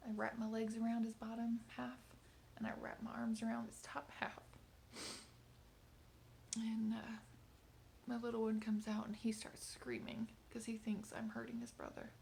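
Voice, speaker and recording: A woman in her thirties recounting a hard evening with her son in a personal video diary, speaking softly and haltingly, often close to a whisper, and tearful at times. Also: on the high side, level tone, vocal fry, slight background noise. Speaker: mother.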